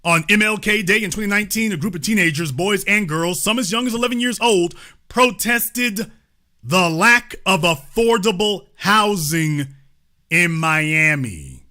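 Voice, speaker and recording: A man hosts a commentary show, reading news items aloud and stopping to push back with blunt remarks. His voice sits high and bright, and he drives his points with repetition and pointed rhetorical questions. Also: animated, measured pace.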